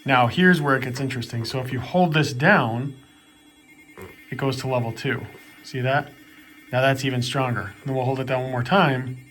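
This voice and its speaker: A man's voice: mid-range voice, normal speed. Laid-back man reviewing a gadget. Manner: relaxed and conversational, with frequent fillers. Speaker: product reviewer. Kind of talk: casual product review.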